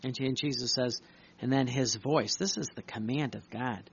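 A man's voice: medium pitch, brisk, gravelly, a bit bright, breathy edge. A man preaching urgently, reading devotional writings aloud and breaking off to comment, repeating his points for emphasis. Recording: dull lo-fi recording.

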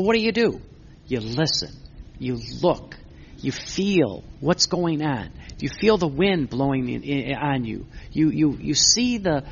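A man's voice: on the high side, creaky, fairly bright tone, slight background noise. A man preaching a sermon, earnest, asking questions and answering them himself, recorded on a muffled lo-fi recording. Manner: earnest, repeats words while building a point. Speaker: Catholic preacher.

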